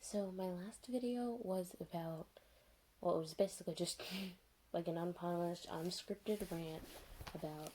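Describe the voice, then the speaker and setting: Young woman doing a casual unscripted rant, lots of likes and ums, kinda sarcastic, mellow dark voice. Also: on the low side, a little hiss or hum. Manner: rambling, filler-heavy, sarcastic. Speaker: TV reviewer vlogger.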